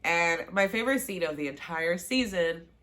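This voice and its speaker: A woman recaps a TV season on her vlog, casual and animated, in a lowish voice at a moderate pace. She acts out what the characters say and enthuses about the scenes she liked best.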